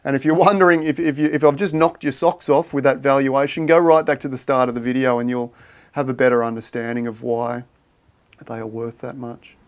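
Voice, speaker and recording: A chatty man talks through ideas on a casual livestream at a mid-range pitch. He thinks out loud and answers viewers in a friendly, matey way. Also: steady tone, brisk. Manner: thinks aloud while reading viewer chat, matey and chatty. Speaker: livestream host.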